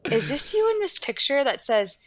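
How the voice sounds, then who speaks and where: A woman with an American accent, a yoga instructor guesting on a podcast, talking in an animated way, swearing freely and laughing often. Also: sits high, moderate pace, no room sound. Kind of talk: podcast conversation.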